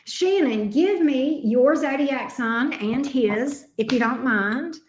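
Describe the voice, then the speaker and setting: A tarot reader on a casual livestream speaks slowly in a high-pitched, animated voice, sleepy and affectionate with viewers. She drawls and calls them love bug and honey, and the room has an echo.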